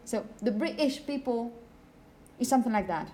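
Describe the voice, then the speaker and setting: A woman's voice: fairly high pitch, animated, normal speed, a little mellow, slight background noise. Chatty woman teacher in a classroom. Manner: chatty, apologetic, asks the class questions. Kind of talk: classroom lecture.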